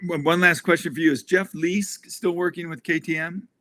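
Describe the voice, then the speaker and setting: A man from the United States, a podcast guest, chatting casually and joking with a relaxed manner. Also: on the high side, moderate pace, dry recording. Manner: relaxed, joking, laughs often. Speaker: interview guest. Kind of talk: casual interview chat.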